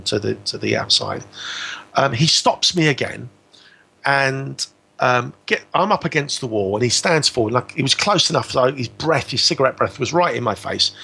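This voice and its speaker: A man's voice: medium pitch, vocal fry, bright, forceful tone, husky. A man telling a personal story as a guest on a radio talk show, acting out both sides of the exchange.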